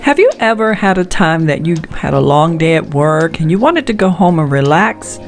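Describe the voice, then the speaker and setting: A woman hosting her video channel, giving a measured scripted introduction. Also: sits low, sing-song, soft background music. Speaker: channel host.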